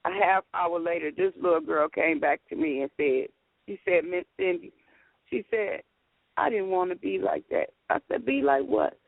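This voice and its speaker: A woman caller with a deeply gravelly, high voice comes through a thin phone line. She tells her story haltingly, circling back and repeating herself. The sound is dry and close. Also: very animated, no room sound. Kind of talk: emotional call-in testimony.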